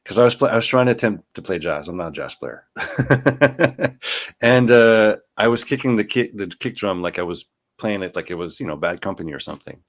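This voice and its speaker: A man, a native French speaker, hosting a casual interview in a relaxed way, with many short acknowledgements and easy laughs. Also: lowish voice, fairly quick. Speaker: host.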